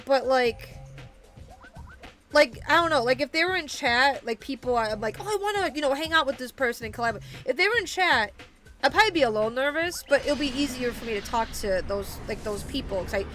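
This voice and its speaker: A young woman chats with her stream audience as she plays a game, her voice sitting a bit high. She rambles, doubles back and fills pauses with "like" and "um". Quiet game music plays under her voice. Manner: rambling, many fillers and restarts, talks to chat. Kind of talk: casual live-stream chat while gaming.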